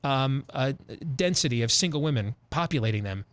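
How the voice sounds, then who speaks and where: Emphatic, animated male talk host. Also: medium pitch, brisk, smooth. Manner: emphatic, animated storytelling with repetitions. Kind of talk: opinionated radio talk.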